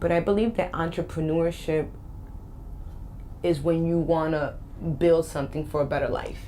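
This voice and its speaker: A woman's voice: low-pitched, steady tone, normal speed, dark tone, a little hiss or hum. A woman in her forties with a Boston and Spanish accent, a guest life coach speaking in an upbeat, emphatic interview chat. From Boston, USA. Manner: upbeat, emphatic, repeats key phrases.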